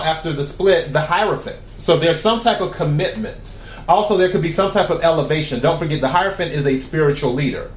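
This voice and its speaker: A man giving a tarot reading to his viewers. He talks in a calm, even way and asks the cards the same question again and again. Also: a little high, brisk, roomy sound, background noise. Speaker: tarot reader.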